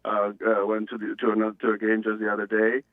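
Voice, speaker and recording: Halting male caller on a tinny phone line. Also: on the low side, completely flat delivery. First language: not English. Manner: halting, many restarts. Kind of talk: casual chat on a phone call.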